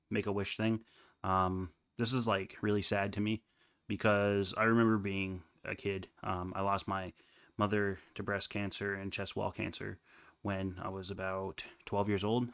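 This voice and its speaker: A man's voice: deep voice, little pitch movement, moderate pace, vocal fry, no echo, studio quality. A man in his twenties reading online confessions aloud and breaking off into casual, rambling comments full of fillers. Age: 20s. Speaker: reddit reaction host.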